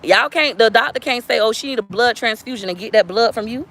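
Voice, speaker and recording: Lady doing a livestream chat, gravelly voice, animated and preachy, talking right at her viewers. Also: a little high, a little fast. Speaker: livestream vlogger.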